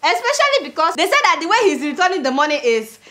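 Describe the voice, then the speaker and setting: A Nigerian woman hosts a commentary show with a high, lively voice that swoops up and down. Her tone is bright and forceful, and she is outspoken and sarcastic, often laughing as she talks. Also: quick pace. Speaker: show host.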